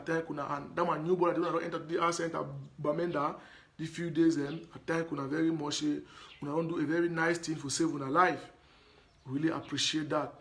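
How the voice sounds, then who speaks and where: A man's voice: a little high, fairly bright tone. A man speaking in a Cameroonian Pidgin accent, his voice sitting a little above the usual male range. He addresses his audience directly in a live stream monologue, hammering his points home through repetition and earnest appeals. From Anglophone Cameroon. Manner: emphatic and repetitive, pleading. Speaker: live broadcaster.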